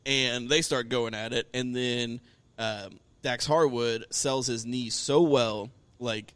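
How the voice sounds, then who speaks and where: A man's voice: medium pitch, slow pace, smooth, dry recording. Profane middle-aged man recapping wrestling. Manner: profane, animated storyteller. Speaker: podcast co-host. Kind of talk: casual wrestling recap chat.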